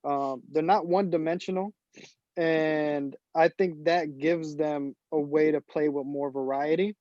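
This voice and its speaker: A man's voice: a little high, steady tone, measured pace, warm tone, dry recording, dull audio. A man co-hosting a casual sports podcast, thinking aloud and breaking down tactics with many restarts. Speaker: podcast co-host.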